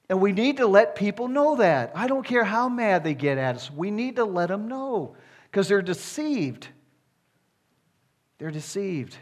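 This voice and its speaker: A man preaching a sermon, emphatic and repetitive, building to forceful declarations. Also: high-pitched, sing-song, unhurried.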